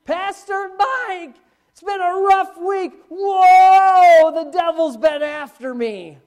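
A man voicing a weary churchgoer who complains to his pastor in a drawn-out, plaintive whine. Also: very high voice, darkish tone, pitched above the performer's own voice. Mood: whiny.

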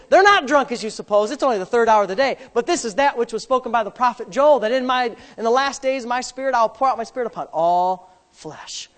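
Male pastor, high voice, emphatic sermon delivery with loud shouts and soft joking asides. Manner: jokes with the congregation.

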